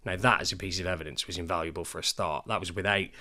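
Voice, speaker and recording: A man co-hosting a podcast, telling parenting stories in a lively way and acting out the voices of the people he quotes. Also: deep voice, racing. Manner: animated storyteller, acts out quoted voices. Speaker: podcast co-host. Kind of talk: casual podcast chat.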